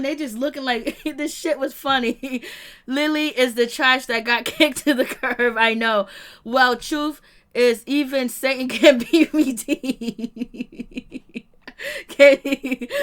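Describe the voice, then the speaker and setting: Woman, high voice, live-stream host, animated retelling, slangy, curses, laughs a lot. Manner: animated retelling, acts out quotes, frequent laughter; casual slang-heavy talk with cursing. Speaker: YouTube show host reviewing reality TV. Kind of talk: live-stream commentary chat.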